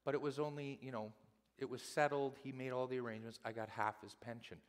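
A man playing an excited older widow from church as she tells her story in a chatty, breathless way. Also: medium pitch, fast talker, big-room sound, close to an everyday voice. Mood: earnest.

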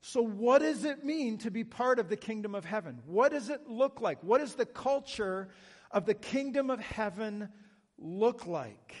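High-voiced Canadian man preaching, slow. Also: animated, big-room sound. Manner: earnest, conversational, with self-deprecating humor. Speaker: pastor. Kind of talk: sermon.

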